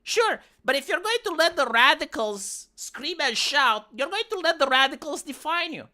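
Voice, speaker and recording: A woman live streamer delivering opinionated commentary, arguing her point in an animated way and repeating words as she builds up. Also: high voice, moderate pace.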